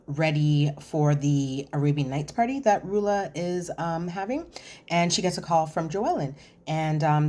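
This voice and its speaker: A woman's voice: low-pitched, a little mellow, slight background noise. A woman hosting a chatty, sassy recap of a reality TV episode, talking straight to her viewers. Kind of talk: casual episode recap commentary.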